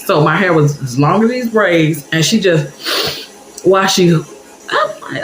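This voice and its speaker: A woman's voice: on the low side, takes it slowly, reverberant, low-quality recording. A woman telling a personal story to her viewers in a chatty, casual way, talking straight to them. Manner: animated, chatty, addresses viewers directly.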